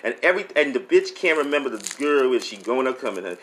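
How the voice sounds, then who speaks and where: A man's voice: medium pitch, very animated, quick pace, reverberant, a little hiss or hum, poor audio. A man delivering a sassy, campy comic gossip monologue, laughing often and calling everyone honey and girl.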